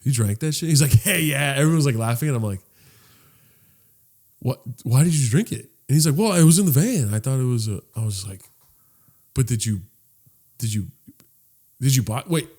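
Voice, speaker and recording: A young man co-hosting a podcast, telling a story in a loose, animated way, swearing freely and jumping high in pitch when he quotes people. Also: moderate pace, pauses often. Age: young adult. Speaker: podcast co-host. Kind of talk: casual storytelling chat.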